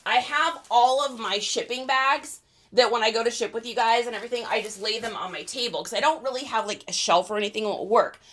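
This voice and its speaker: A young adult woman hosting a casual livestream, chatty and excitable, laughing often. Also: fairly high pitch, brisk. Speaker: reseller livestream host.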